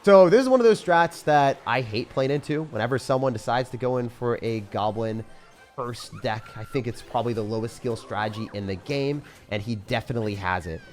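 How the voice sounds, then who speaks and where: A young man giving excitable, jokey commentary over his own gameplay, swinging from loud hype to low mutters. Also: a little fast. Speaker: gaming commentator.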